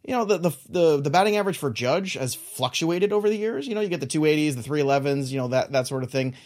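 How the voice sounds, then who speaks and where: A man's voice: fairly high pitch, lively intonation, fast talker, a little mellow. A man co-hosting a podcast, chatting casually and emphatically, leaning on filler phrases as he makes his points. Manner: emphatic, leans on "look" and "you know". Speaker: podcast co-host. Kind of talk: casual sports chat.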